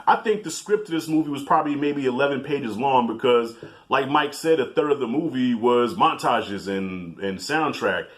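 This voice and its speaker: A man's voice: medium pitch, moderate pace, a bit bright. A man hosting a casual movie review video, talking in a loose, profane, chatty way. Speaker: movie reviewer, channel host.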